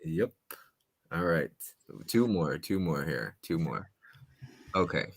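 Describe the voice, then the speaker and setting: A man hosting a casual movie-trivia chat, playful and restless, his voice jumping between loud and quiet. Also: sits low, very animated, slow pace, vocal fry, breathy edge. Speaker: host.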